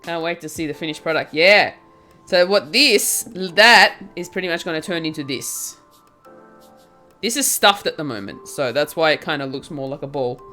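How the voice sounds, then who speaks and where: A woman's voice: sits low, animated, moderate pace. A woman streamer chatting casually with her viewers while she knits, giggling often and reading their names aloud. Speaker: craft streamer. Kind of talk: casual chat while knitting. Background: soft music.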